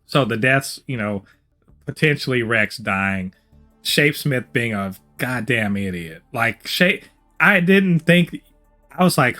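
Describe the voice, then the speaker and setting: A man's voice: mid-range voice, expressive, takes it slowly, pushed and bright, soft background music. A man co-hosting a TV review podcast, chatting animatedly with lots of swearing and restarts. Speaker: podcast co-host. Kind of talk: casual review chat.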